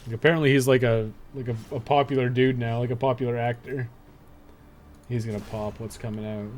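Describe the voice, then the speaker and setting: A man's voice: mid-range voice, little pitch movement, a little fast, a little mellow, slight background noise. Laid-back, swearing young male streamer. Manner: laid-back, swears a lot, muttering asides. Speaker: streamer playing a dungeon game. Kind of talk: casual live-stream commentary.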